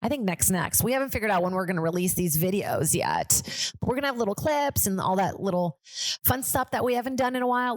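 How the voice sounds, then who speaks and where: A woman's voice: medium pitch, expressive, fast, dry recording. A woman in her thirties hosting a comedy podcast, rambling along casually and slipping into quoted voices. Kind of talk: casual chat.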